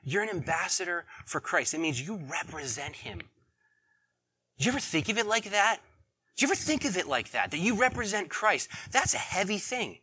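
A man preaching a sermon in a conversational way, asking the congregation questions and swinging between loud emphasis and quiet asides. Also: high voice, big pitch swings, normal speed, breathy edge, no echo. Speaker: pastor.

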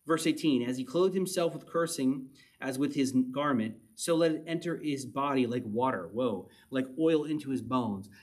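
Husky man teaching through scripture. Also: mid-range voice. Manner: reads scripture then explains it conversationally, with little chuckles. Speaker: Bible teacher. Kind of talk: verse-by-verse Bible teaching.

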